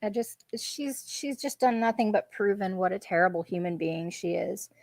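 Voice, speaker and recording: A woman hosting a casual panel chat, telling stories quickly and with animation. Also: mid-range voice, a little mellow, dry recording, clean studio sound. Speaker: host.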